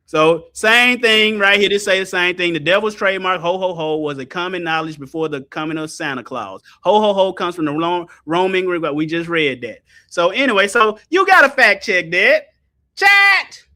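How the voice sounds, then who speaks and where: A man's voice: sits high, animated, moderate pace, few pauses, sharp tone. A man hosting a casual online ministry stream. He talks animatedly and reads answers aloud to his chat. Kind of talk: casual teaching livestream.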